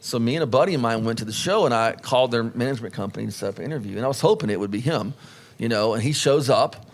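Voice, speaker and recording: A man from Texas, an outdoors writer and podcast guest, telling stories in a lively, casual way. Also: medium pitch, racing, slight background noise. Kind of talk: casual storytelling chat.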